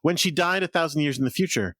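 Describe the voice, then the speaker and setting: A man's voice: a little high, fast, a bit bright, no room sound. A man co-hosting a podcast, chatting casually, laughing often and restarting his sentences. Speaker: podcast co-host. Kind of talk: casual chat.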